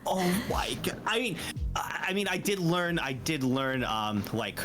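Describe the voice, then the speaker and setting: A streamer in casual chat who drops into low mumbles and then bursts into shouted laughter. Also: big pitch swings, measured pace. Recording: very noisy mic with clicks.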